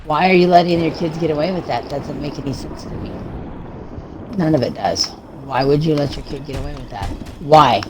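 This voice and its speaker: A man's voice: on the high side, fairly quick. A man co-hosting a podcast, talking casually and asking exasperated rhetorical questions. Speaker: podcast co-host. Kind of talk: casual chat. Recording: noisy background.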